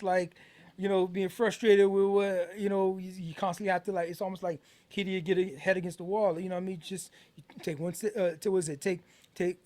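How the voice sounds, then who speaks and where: A man's voice: high-pitched, darkish tone. A middle-aged American man hosting a casual album review podcast, talking in a loose, rambling way with many fillers and restarts. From United States. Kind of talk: casual music review talk.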